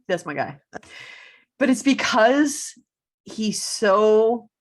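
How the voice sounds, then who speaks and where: A woman's voice: on the high side, very animated, very slow. A woman co-hosting a podcast, chatting casually and enthusiastically about TV characters, laughing often. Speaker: podcast co-host.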